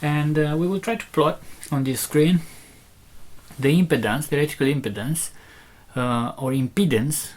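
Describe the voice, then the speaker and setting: A man's voice: on the high side, normal speed. Hesitant man explaining speaker tech. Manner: hesitant, many fillers and restarts, explains step by step. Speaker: loudspeaker maker demonstrating a driver. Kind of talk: casual technical demonstration.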